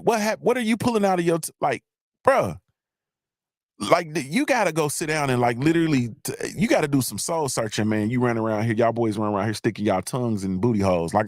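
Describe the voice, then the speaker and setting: A man's voice: medium pitch, dry recording, studio quality. A man hosting a live online show, ranting in a casual, profane, repetitive way. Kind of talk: casual comedic rant.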